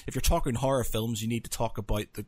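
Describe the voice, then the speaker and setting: A man's voice: medium pitch, quick pace, slightly rough, no room sound. A man hosting a podcast, chatting casually and telling stories with frequent laughter. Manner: laughing, animated storytelling. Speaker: podcast host. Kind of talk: casual chat.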